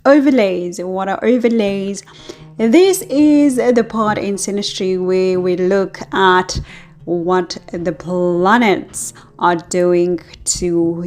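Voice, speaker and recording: Slow-talking, lower-voiced woman astrologer. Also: a little mellow, soft background music. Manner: chatty, laughs often between thoughts. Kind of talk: casual talk to camera.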